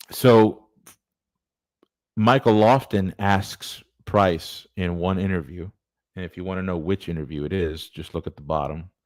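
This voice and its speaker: A man's voice: sits low, no room sound. A man presenting church history in an earnest, digressive, conversational lecture. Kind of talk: casual lecture.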